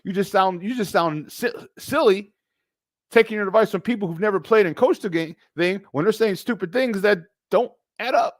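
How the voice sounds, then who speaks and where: A middle-aged man hosting a live sports talk stream, animated and emphatic, repeating his points and greeting viewers by name. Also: high voice, moderate pace, no room sound, clean studio sound. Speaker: sports talk show host.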